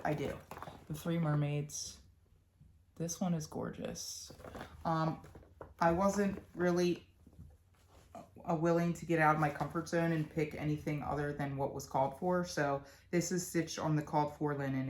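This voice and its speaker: A young woman with a Philadelphia accent talks in a low voice, rambling casually through her crafting projects. She trails off and restarts often, with plenty of ums along the way. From Philadelphia, USA. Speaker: cross-stitch vlogger.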